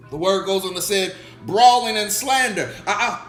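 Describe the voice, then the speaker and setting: A man preaching a sermon as pastor, animated, repeating his questions and acting out the voices of his listeners. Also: sits high, normal speed, hardly any pauses. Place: church sanctuary. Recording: echoey church room with music.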